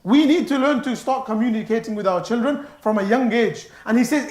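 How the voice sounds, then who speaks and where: A man giving a sermon in a mosque, animated and stressing his words, mixing in Arabic phrases. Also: extremely high pitch, a little fast, few pauses. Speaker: mosque speaker. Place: mosque hall. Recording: echoey mosque hall.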